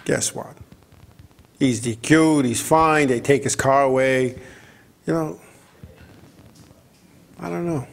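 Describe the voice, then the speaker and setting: Gravelly man telling racing stories. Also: medium pitch, takes it slowly, long pauses. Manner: rambling and animated, stumbles and repeats words, often acts out other people's lines. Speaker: racing talk show host. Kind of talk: casual talk-radio storytelling.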